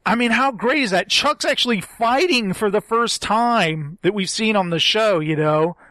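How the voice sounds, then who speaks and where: A man with a fairly high voice gushes in casual podcast chat. He talks with excitement and keeps acting out scenes. The sound is dry and close. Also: moderate pace, dry recording. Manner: enthusiastic, gushing, quotes scenes in acted voices. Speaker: podcast co-host.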